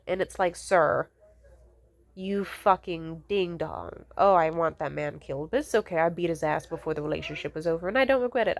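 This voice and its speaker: A woman's voice: lowish voice, darkish tone. Profane, exasperated young woman ranting. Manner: blunt, profane, exasperated ranting with mocking quoted voices. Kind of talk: casual ranting monologue.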